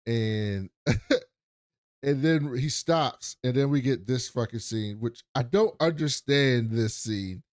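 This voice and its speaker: A man's voice: mid-range voice, a little mellow, smooth, no echo, clean studio sound. A man co-hosting a podcast, rambling through a story recap with lots of fillers and voices for the characters. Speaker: podcast co-host. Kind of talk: casual recap chat.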